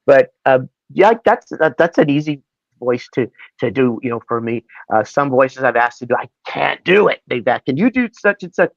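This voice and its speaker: A male actor appears as a guest in a casual interview, spinning rambling, animated stories and slipping into voices. His medium-pitched voice is gravelly and moderately paced, with lo-fi sound and no echo.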